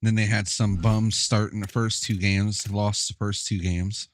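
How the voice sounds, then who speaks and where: A man's voice: fairly low pitch, little pitch movement, measured pace. A young man chatting casually while playing a football video game, laid-back, profane and often laughing. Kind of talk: casual gameplay chat.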